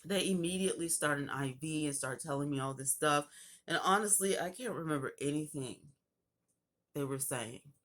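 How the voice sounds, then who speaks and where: A young woman vlogger recounting a personal story in a casual, animated way, acting out the people in it. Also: low-pitched, moderate pace. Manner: animated retelling with acted quotes.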